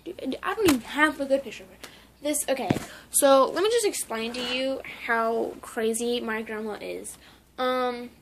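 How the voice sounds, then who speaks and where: High-voiced rambling young woman vlogger. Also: normal speed, background noise. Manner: rambling, full of "like" and restarts. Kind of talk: casual memorial vlog.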